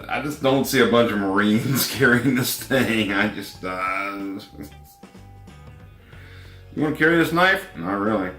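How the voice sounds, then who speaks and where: A man reviewing a pocket knife in a casual vlog. He has a runny nose, keeps clearing his throat, and chuckles at himself in a wry, laid-back way. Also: on the low side, lively intonation, measured pace, long pauses, sharp tone, roomy sound, soft background music.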